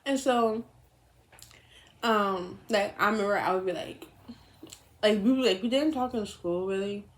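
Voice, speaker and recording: A young woman vlogger telling a personal story in casual chat. She talks in an animated, profane way, often laughing. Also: unhurried. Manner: animated, laughing, profane, swings high and low.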